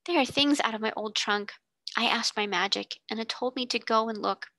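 A woman's voice: on the high side, moderate pace, gravelly, bright, forceful tone, no echo. A woman voicing an imaginative young girl who speaks graciously, in a dreamy pretend-princess voice.

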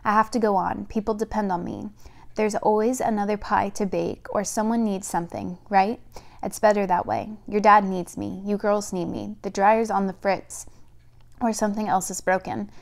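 A woman's voice: medium pitch, fairly even intonation, normal speed, vocal fry, lightly acted. A woman reading a grieving, earnest mother. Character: grieving middle-aged mother, brave and busy.

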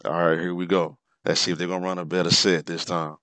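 A man with a low, smooth voice talks his way through an old basketball game replay. He reacts loudly to the plays, swinging between muttered asides and excited outbursts. The recording is dry and close. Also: fast talker, hardly any pauses, no echo. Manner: animated, exclaims and laughs over plays. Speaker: sports commentator. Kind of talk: casual replay commentary.

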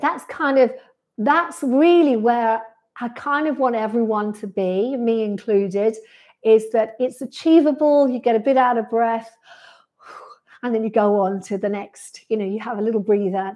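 A woman's voice: fairly high pitch, moderate pace, darkish tone. A woman, a pilates instructor chatting on a live stream and answering viewer comments one by one in a friendly way, from a sunny room indoors. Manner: friendly, reads out viewer comments and replies to each.

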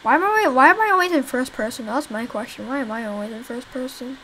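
A young woman speaks fast in a high, slightly bright voice while playing a zombie game she made. Rambling to her viewers and swearing at the enemies, she's captured in a low-quality recording with a faint hiss or hum.

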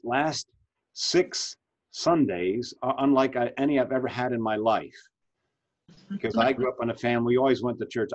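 Man, pastor, fifties, husky voice, muffled lo-fi call audio, chatty questioning manner. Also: medium pitch. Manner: conversational, asks questions, frequent restarts. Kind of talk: leading a Bible study discussion. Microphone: video call. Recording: dull lo-fi video call audio.

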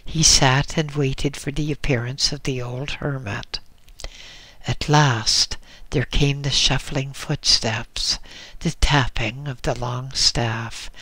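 Slow, measured male storyteller. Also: mid-range voice, pushed and bright, no echo. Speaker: audiobook narrator. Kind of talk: scripted narration.

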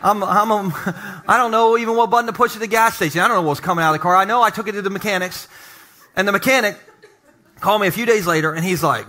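A male pastor preaching to his congregation, telling humorous personal stories with animated asides. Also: high-pitched, fast. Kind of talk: sermon. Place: church sanctuary.

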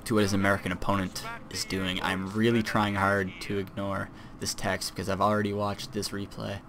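A man's voice: lowish voice, little pitch movement, fairly quick, noisy background. A young man giving casual, self-deprecating commentary on a strategy game replay, with fillers and restarts.

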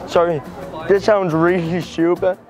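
A man's voice: sits high, level tone, measured pace, over music. A man chatting on a street in a vlog, swearing and joking at his own expense. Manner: swearing, self-mocking banter. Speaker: friend appearing in the vlog. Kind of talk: casual chat.

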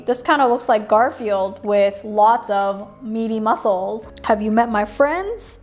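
A woman hosting a playful toy-unboxing video, sing-song and silly, sometimes dropping to a whisper. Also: on the high side.

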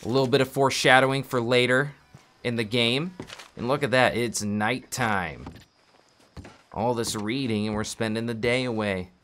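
A man playing through a game, reading a book aloud deliberately with small restarts, then making casual asides. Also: mid-range voice, fairly even intonation, a bit bright, a little hiss or hum. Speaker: game walkthrough player.

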